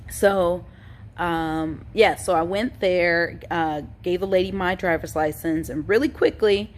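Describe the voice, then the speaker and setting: A woman's voice: on the low side, fairly even intonation, a little slow. A tired woman, chatting casually to her viewers with lots of ums and sighs while she recovers from a sore throat. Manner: chatty, informal, addresses viewers as y'all, frequent ums and sighs. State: tired, yawning. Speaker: vlogger. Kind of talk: casual chat to camera.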